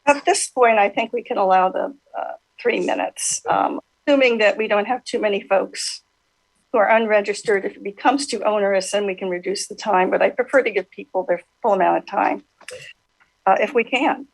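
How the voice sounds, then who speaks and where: A woman's voice: medium pitch, moderate pace, creaky, no room sound, poor audio. A woman chairing a county board meeting in a polite, accommodating way.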